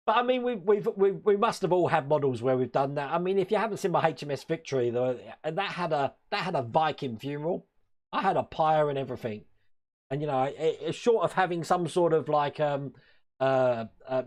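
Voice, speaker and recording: A man's voice: a little high, darkish tone. Chatty Welsh-born man hosting a stream. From Wales. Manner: rambling, chuckles often, reads and answers chat. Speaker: live stream host. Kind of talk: casual live stream chat.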